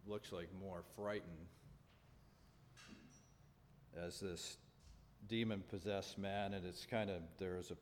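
Deep-voiced man preaching in a reverberant hall. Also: steady tone. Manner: earnest, measured, with pauses and restarts. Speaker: pastor. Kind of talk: sermon with scripture reading. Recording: long reverb, faint background noise.

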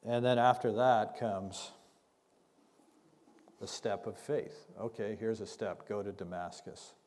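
A man preaching a sermon as pastor, conversational and unhurried, acting out scripture dialogue as he teaches. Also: on the low side, steady tone, a little mellow. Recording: long hall reverb.

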